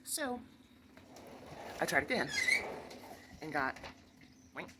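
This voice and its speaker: A woman vlogger telling a long, rambling story in a casual, chatty way, with quick asides and laughter. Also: fairly low pitch, animated, very noisy.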